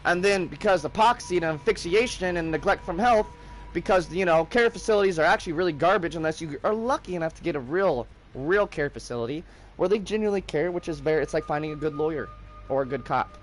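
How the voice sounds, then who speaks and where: A man's voice: a little high, expressive, fast, faint music behind. A young man hosting a gaming livestream, ranting in a heated, profane, casual way.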